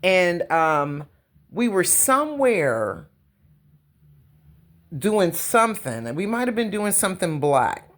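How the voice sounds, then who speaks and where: Candid middle-aged woman with lively pitch. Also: slow pace, pauses often. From Detroit, Michigan. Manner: reflective storytelling, frank and candid. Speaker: host. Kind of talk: casual conversation. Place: living room.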